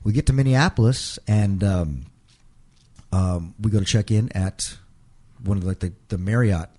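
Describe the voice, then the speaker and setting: Low, mellow-voiced man telling a story. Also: normal speed. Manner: rambling, repeats and restarts, quotes others in his own voice. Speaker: interview guest. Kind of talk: casual storytelling in an interview.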